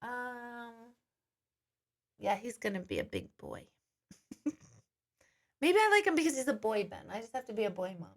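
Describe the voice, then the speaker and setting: A woman's voice: a little high, huge pitch swings, normal speed, long pauses. A woman hosting a live-stream question and answer session as a psychic medium, chatting casually and reading viewer comments aloud.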